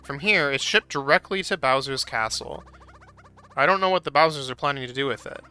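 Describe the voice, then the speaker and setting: An overworked little mushroom miner from a game explains his plight in an earnest, worried way, with a man putting him on close to his own voice. The tone is bright and forward. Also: medium pitch, brisk, clear, resonant tone, soft background music. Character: anxious, overworked male mushroom-capped miner. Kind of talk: reading game dialogue aloud.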